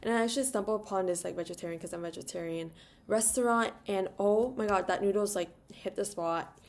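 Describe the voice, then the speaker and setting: A woman's voice: mid-range voice, brisk, a little mellow. A young woman telling a travel story in a casual, rambling vlog, full of "like" and little asides. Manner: rambling, filler-heavy, chatty; sings "la la" to herself. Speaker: travel vlogger.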